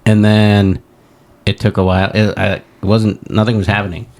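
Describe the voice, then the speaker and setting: A man with a low voice co-hosting a comedy podcast. He tells his stories in a loose, rambling way, full of fillers and restarts. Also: flat delivery, moderate pace, darkish tone. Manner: rambling storyteller, many fillers. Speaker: podcast co-host. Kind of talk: casual comedy podcast chat.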